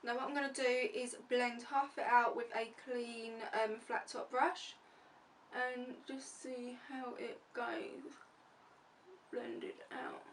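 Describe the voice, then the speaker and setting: A woman's voice: a little high, level tone, slow pace, fairly bright tone. A woman beauty vlogger chatting casually through a makeup tutorial, narrating each step as she goes. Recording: distant mic with faint room noise.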